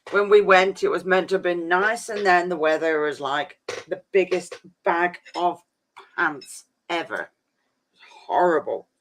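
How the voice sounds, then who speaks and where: A man's voice: high-pitched, measured pace, a bit bright, slight background noise. A man chatting casually on a live stream, rambling and saying "flipping" a lot.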